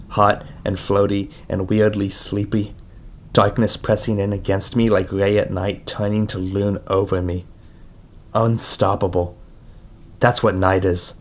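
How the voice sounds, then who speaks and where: A man reading a first-person audiobook in a measured, somber way. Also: lowish voice. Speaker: audiobook reader.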